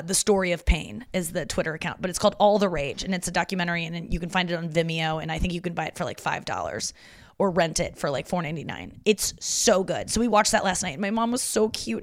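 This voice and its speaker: A woman comedian in her thirties talking in a quick, profane solo podcast monologue, with many restarts and asides. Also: lowish voice, no room sound, studio quality.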